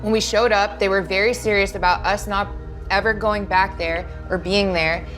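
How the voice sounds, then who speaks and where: A woman's voice: mid-range voice, steady tone, normal speed, a bit bright, soft background music. A young woman comedian casually telling a rambling story, with lots of fillers, restarts and giggles. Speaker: comedian guest. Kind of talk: casual storytelling while getting high.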